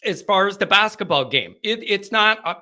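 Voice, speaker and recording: A man hosting a live late-night call-in sports show, rowdy and animated, chatting with his viewers. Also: sits high, moderate pace. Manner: rowdy, animated, talks to the chat.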